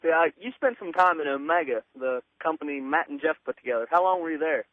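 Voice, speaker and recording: A man's voice: on the high side, lively intonation, fairly quick, dry recording. A man co-hosting a radio interview, asking brief, direct questions. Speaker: radio co-host. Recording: tinny phone-like radio audio.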